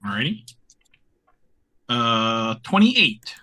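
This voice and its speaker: A player in a tabletop game, playful and excitable. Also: mid-range voice, very slow. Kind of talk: tabletop role-play.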